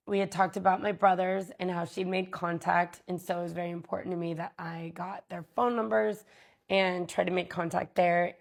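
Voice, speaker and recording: A woman vlogger telling a personal story in a candid, halting way, with many pauses and fillers. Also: fairly low pitch.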